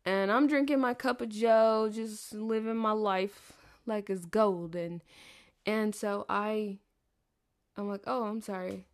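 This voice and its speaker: A young Southern woman rambles through a personal story in casual monologue, cursing and laughing as she goes. Her voice carries a gravelly, fried edge. She trails off, restarts and drifts between asides. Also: medium pitch, steady tone, takes it slowly. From American South. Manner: chatty, profane, laughs often, trails off. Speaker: podcast host.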